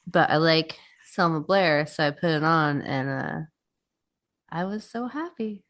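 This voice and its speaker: A woman co-hosting a podcast, her voice sitting a little low for a woman. She chats loosely and swears freely, laughing often. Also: animated, unhurried, fairly bright tone. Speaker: podcast co-host. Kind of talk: casual chat.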